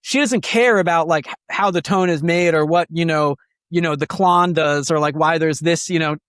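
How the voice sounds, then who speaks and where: Young man, guest guitarist, rambling casual talker, voice a touch high, dry close sound. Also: normal speed, a bit bright, clear, resonant tone, no room sound. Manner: rambling, filler-heavy storytelling. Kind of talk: casual podcast conversation.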